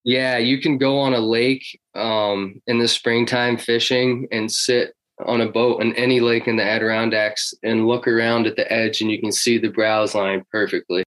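A man's voice: medium pitch, flat delivery, normal speed, hardly any pauses, a bit bright, low-quality recording. A man talking casually about hunting history in an interview, rambling with many fillers and restarts. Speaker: hunting guest.

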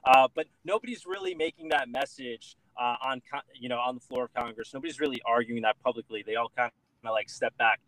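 A man's voice: medium pitch, expressive, fairly quick, a bit bright, rough recording. A man talking as an interview guest, earnestly making his case with many fillers and repeated words. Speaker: guest, political candidate. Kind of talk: casual interview chat.

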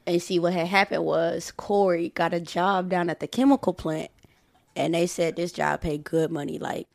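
A woman's voice: lowish voice, steady tone, moderate pace, creaky, a little mellow, no room sound. A woman co-hosting a casual true-crime podcast, telling the story in a laid-back way with slang. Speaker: podcast co-host.

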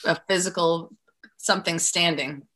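Low, bright-voiced woman, enthusiastic. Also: steady tone, normal speed, breathy edge. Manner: enthusiastic, admiring. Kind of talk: casual chat.

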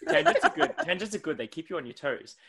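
Australian man, bright voice, rambling, laughs a lot, casual podcast chat. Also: high voice, wildly swooping pitch, fast, vocal fry. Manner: rambling, heavy use of "like", laughs often. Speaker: podcast co-host.

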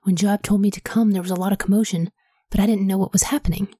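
An eager young man begs and reports in a hushed, breathy voice, as a woman reads him. This is whispered role-play inside a Bible reading, dry and close. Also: medium pitch, fairly even intonation, fast talker, no echo, natural voice. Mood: pleading. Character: eager young male messenger, pleading.

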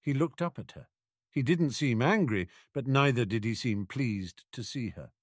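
A man narrating a fan fiction audiobook with expressive storytelling. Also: lowish voice, normal speed, no echo, clean studio sound.

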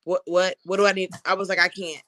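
A woman hosts a casual talk show and tells a personal story frankly, with plenty of animation. Her voice is bright and crisp, and it is recorded close and dry, with no room sound. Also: fairly low pitch, level tone, fast, no echo. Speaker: host.

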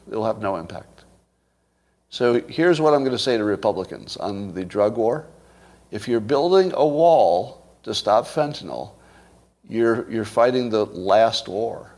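A man's voice: mid-range voice, a little mellow. A man giving a casual political monologue, blunt and profane, firing off rhetorical questions. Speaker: commentator.

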